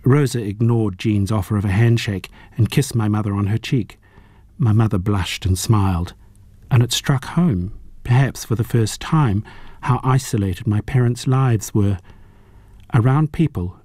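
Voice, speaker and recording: Man reading a novel, warm low voice. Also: a little slow, no room sound. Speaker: narrator. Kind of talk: audiobook reading.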